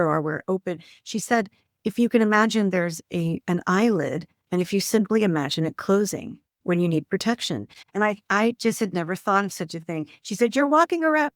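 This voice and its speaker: A woman's voice: lowish voice, no room sound, clean studio sound. A woman hosting a podcast interview, speaking earnestly and turning to address her listeners directly. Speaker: podcast host. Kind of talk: interview conversation.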